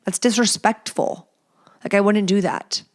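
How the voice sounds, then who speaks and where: A woman in her thirties hosting a casual solo podcast, talking bluntly and profanely, and acting out quotes with lively storytelling. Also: medium pitch, a little slow. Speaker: podcast host.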